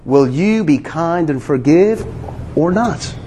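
A man preaching a sermon, earnest and questioning his listeners, slowing down to stress key words. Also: a little high, animated, warm tone, husky. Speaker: pastor.

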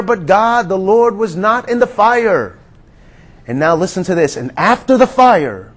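A man preaching with a high voice, earnest and conversational, talking to his listeners as friends. He sinks to a near whisper on the quiet lines and then lifts his voice again to stress a point. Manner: earnest, drops to a hush on quiet words. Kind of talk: sermon.

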